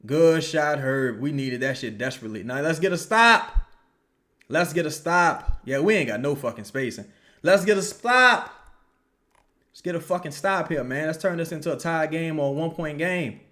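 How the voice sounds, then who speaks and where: Young male streamer, high-ish bright voice, loud profane live game reactions. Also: normal speed. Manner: profane, animated, yells at plays; answers viewer questions. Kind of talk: casual live reaction commentary.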